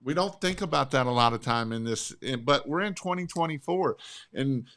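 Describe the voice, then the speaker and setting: A man hosting a podcast, coaching on sales in an energetic, emphatic way and repeating his points. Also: mid-range voice, moderate pace. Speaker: podcast host. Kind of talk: casual sales coaching chat.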